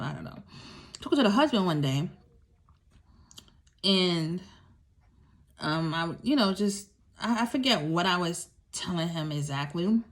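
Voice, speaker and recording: Speaking with vocal fry and a fairly low pitch, a young domestic violence survivor recounts what happened to her. Her delivery is frank and forceful, with repeated key phrases aimed straight at the audience.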